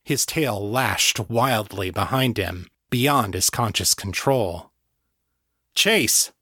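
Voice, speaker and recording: A man reading a story aloud in a steady, measured scripted narration. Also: fairly low pitch, breathy edge, no room sound, studio quality. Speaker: audiobook narrator.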